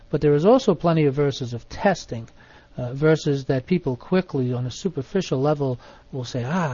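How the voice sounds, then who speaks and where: A man teaching in an online Bible study, measured, stressing single words, with many fillers. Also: mid-range voice, mellow, dry recording, dull audio.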